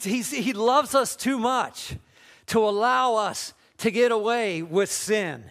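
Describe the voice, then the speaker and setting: Middle-aged pastor, male, higher-pitched voice, emphatic sermon delivery with repetition and call-and-response. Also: fairly bright tone. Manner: emphatic, repeats phrases, leads congregation in call-and-response.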